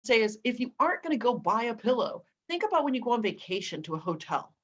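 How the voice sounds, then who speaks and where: A woman guest on a video call, telling animated, persuasive stories as an entrepreneur. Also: fairly high pitch, fast talker, breathy edge, lo-fi sound. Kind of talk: interview storytelling.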